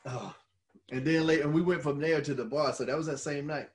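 A middle-aged man telling stories in casual chat, animated and swearing freely. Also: on the high side, brisk. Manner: animated storyteller who swears freely and laughs at his own stories. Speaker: podcast co-host and former wrestler.

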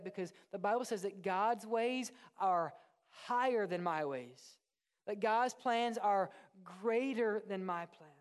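A man, a pastor, preaching a sermon in an animated way, moving from loud, excited asides to hushed, earnest passages. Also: sits high.

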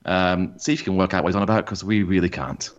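A man's voice: deep voice, fast. A man co-hosting a football podcast, chatting casually and joking. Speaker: podcast co-host. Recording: dull lo-fi sound.

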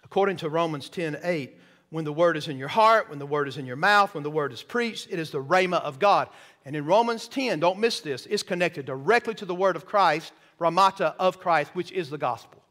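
A man's voice: on the high side, moderate pace, fairly bright tone. A man preaching a sermon in a church, folksy and checking that the congregation follows along. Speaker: pastor. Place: church sanctuary.

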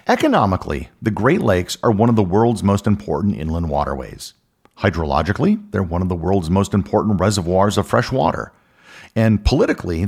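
Podcast host guy, low gravelly voice, lots of ups and downs, reads his script like he's explaining stuff. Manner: measured, explanatory, reads listener messages.

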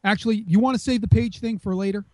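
A man's voice: high voice, fairly even intonation, fast, no echo. A man co-hosting a casual wrestling podcast, rambling and teasing with many restarts. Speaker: podcast co-host.

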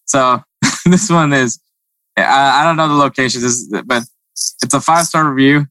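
A man casually chatting on a podcast, reading reviews quickly and chuckling between lines. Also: mid-range voice, bright, forceful tone, no room sound, poor audio. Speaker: podcast co-host. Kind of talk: casual chat reading funny reviews aloud.

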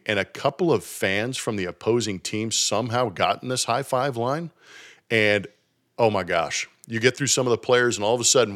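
Brief: man from Southern California, former ballplayer, lowish voice, animated storytelling full of fillers. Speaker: former professional baseball player. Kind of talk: casual podcast chat.

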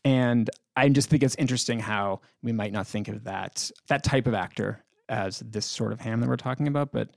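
A man's voice: medium pitch, normal speed, creaky, few pauses, no room sound, clean studio sound. A man talking as a podcast guest in a casual film discussion, enthusiastic and chatty, laughing often.

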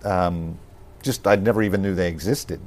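A man with a fairly low voice is interviewed as a guest. He speaks in a measured, reflective way, stopping often to pick his words with ums and restarts. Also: darkish tone. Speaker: actor being interviewed. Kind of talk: podcast interview.

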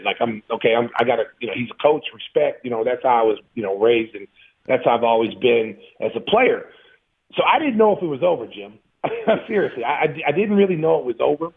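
Gravelly man telling wild stories by phone. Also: mid-range voice, a little fast. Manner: animated, profane anecdote telling with frequent laughs. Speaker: guest, former pro basketball player. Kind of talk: casual storytelling interview. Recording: phone-like narrow line.

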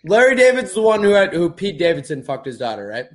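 A man's voice: sits high, big pitch swings, quick pace. A man with a slightly raised voice argues brashly on a casual podcast, mocking his target with crude jokes. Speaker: podcast co-host.

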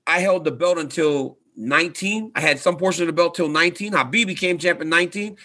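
A man in his thirties speaks earnestly and steadily, pitched a little high, with a bright, forceful tone. He keeps checking in with the listener as he explains himself. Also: a little fast. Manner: earnest, repeats "right?" for emphasis. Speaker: retired fighter and coach, guest. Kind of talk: casual interview talk.

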